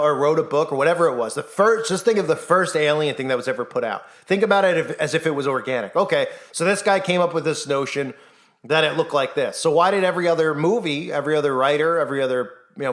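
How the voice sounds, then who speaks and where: This man, a Christian YouTuber, delivers an impassioned monologue straight to camera on his channel. His voice is fairly high and bright in tone. Urgent and insistent, he throws out rhetorical questions and performs the voices of those he quotes.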